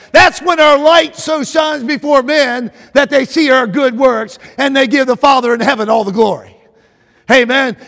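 In a big church sanctuary where every word carries a long echo, a man with a strikingly high voice and vocal fry preaches a sermon. He circles back on phrases, calls out to the congregation, and builds to shouts at the high points.

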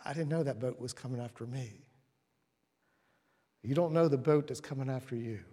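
A man preaching a sermon, telling stories and acting out the voices in them, moving from hushed whispers to loud, emphatic lines. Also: medium pitch, normal speed. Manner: storytelling, acts out quoted voices. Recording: long reverb of a large hall.

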